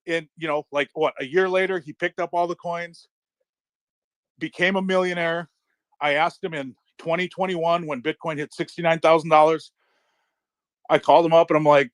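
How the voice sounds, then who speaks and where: A middle-aged man chatting casually in a live audio room, telling excitable stories and swearing freely. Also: fairly high pitch, moderate pace, dry recording. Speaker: crypto community speaker.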